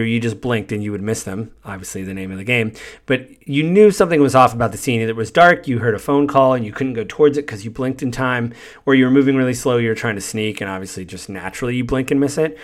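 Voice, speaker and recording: Man casually retelling a game story. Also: mid-range voice. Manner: meandering, conversational recounting. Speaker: podcast host.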